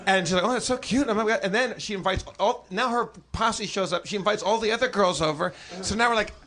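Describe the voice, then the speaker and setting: Animated guest telling profane bar stories. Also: male voice, sits high, fast, slight background noise. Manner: animated, profane anecdotes with stumbling restarts. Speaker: podcast guest. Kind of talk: live comedy podcast chat. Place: stage before a live audience.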